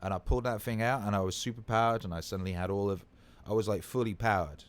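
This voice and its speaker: A man's voice: fairly low pitch, fairly even intonation, fast. A tired man hosting a livestream, chatting loosely and swearing freely as he greets viewers. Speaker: livestream host. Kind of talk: casual livestream chat.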